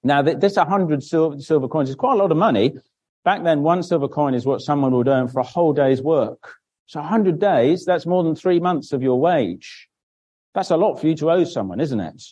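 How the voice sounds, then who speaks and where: A man's voice: a little high, lively intonation, normal speed, darkish tone, breathy edge, rough recording. A man giving a children's Bible talk in church, explaining simply and asking questions that he then answers himself. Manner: draws on a board while speaking, with frequent restarts.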